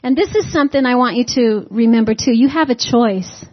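A woman with a slightly high voice preaches a little fast in a conversational, folksy style, tossing rhetorical questions to the congregation and adding humorous asides. The recording is dull and lo-fi.

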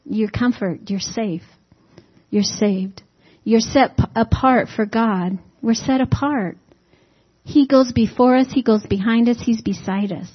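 A husky, fairly high-pitched woman's voice preaches at a measured pace. She keeps the sermon folksy and conversational, questioning the congregation rhetorically and adding humorous asides, in a dull lo-fi recording.

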